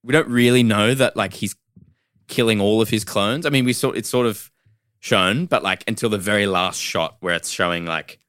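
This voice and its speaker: Man, podcast film chat, lowish voice, dry close sound, quick agreeing. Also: fairly bright tone, no room sound. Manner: quick agreeing, frequent laughs. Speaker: podcast co-host.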